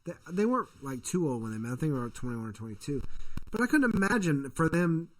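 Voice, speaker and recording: Podcast co-host, male, a touch high, loose and profane, acts out the voices in his stories. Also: big pitch swings, fast talker. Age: adult parent. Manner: profane, rambling storyteller, acts out quoted voices. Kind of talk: casual podcast chat.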